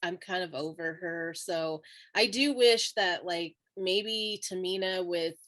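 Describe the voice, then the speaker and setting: A woman's voice: on the low side, slow, fairly bright tone. A woman in casual podcast chat, talking hesitantly with many fillers. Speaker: podcast co-host.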